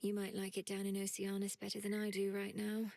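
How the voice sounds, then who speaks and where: A woman voicing a resolute young witch princess of the underworld in a video game, speaking in a breathy, half-whispered way. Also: mid-range voice, completely flat delivery, fairly quick, darkish tone, natural voice.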